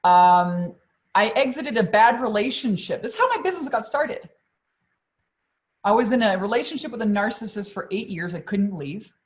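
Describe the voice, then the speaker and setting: A woman's voice: mid-range voice, normal speed. A woman business coach on a live stream, talking energetically to her audience, swearing freely and often checking in with "okay?" and "you guys". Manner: energetic, profane, keeps addressing the audience.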